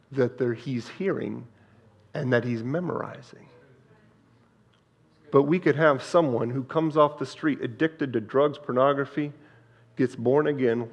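Earnest man preaching a sermon, slightly dull recording. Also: mid-range voice. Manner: earnest, repetitive preaching with swings in loudness. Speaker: pastor. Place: church sanctuary.

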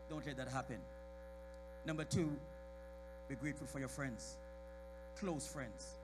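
A man in a church preaching a sermon. His voice rises from quiet talk to shouted high points, and he calls out members of the congregation by name. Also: measured pace, pauses often, background noise. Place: church sanctuary.

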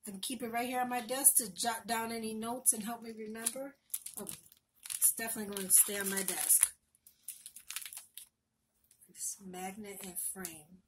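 A woman's voice: fairly high pitch, steady tone, normal speed, pauses often, noisy background. Gushing woman opening happy mail. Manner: gushing, emotional, repeats herself. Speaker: crafting vlogger. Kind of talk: casual unboxing chat. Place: home.

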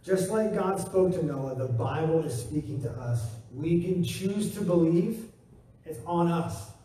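Folksy joking pastor in an echoey hall. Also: male voice, a little high, expressive, measured pace, dark tone, slight background noise. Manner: folksy and joking, acts out quotes. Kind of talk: casual sermon. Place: church sanctuary. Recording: echoey hall, mic at a distance.

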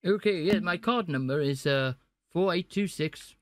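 A man's voice: a little high, measured pace, a bit bright. A man hosting a live stream where he calls phone scammers, teasing them with sarcastic, mock-gullible banter. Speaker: livestream host calling phone scammers.

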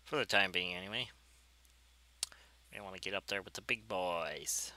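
Bright-voiced man commentating gameplay. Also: sits low, normal speed, low-quality recording. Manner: rambling, self-deprecating, easily excited. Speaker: gameplay video creator.

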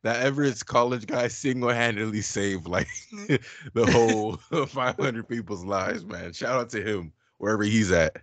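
Low-voiced laid-back podcast host. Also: male voice, unhurried, a bit bright, dry recording. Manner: laid-back and joking, with slang like "man", "bro" and "yous". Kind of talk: casual chat.

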